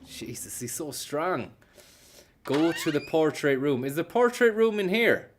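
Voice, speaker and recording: A man's voice: fairly high pitch, big pitch swings, a little slow, background noise. A young man, tired and yawning, commenting on a game as he plays and cursing freely while thanking viewers by name. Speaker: streamer. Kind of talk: live gameplay commentary.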